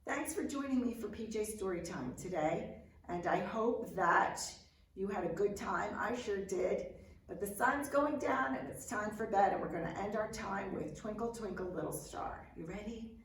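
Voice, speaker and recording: A woman librarian telling a bedtime story to children in a slow, gentle and expressive way, heard from a distant mic in a roomy space. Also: medium pitch, slight background noise.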